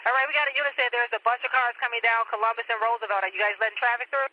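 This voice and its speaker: A woman's voice: on the high side, steady tone, racing. A woman working as a police dispatcher, firmly repeating instructions to units over the radio. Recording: muffled police radio with static.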